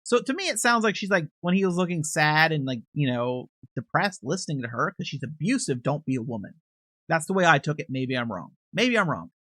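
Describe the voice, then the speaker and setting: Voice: mid-range voice, expressive, brisk, a bit bright, dry recording, clean studio sound. A commentator casually recapping video footage in a conversational, hedging way, with frequent restarts and unsure asides.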